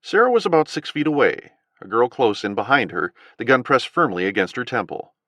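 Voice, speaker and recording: A man narrating an audiobook thriller with an expressive, dramatic reading. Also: mid-range voice, brisk, dry recording, studio quality. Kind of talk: scripted narration.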